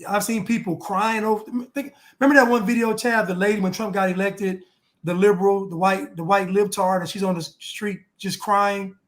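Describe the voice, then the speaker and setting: A man's voice: high voice, fairly even intonation, fairly quick. A man co-hosting a casual political talk show, heated and insistent, repeating his points. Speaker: co-host.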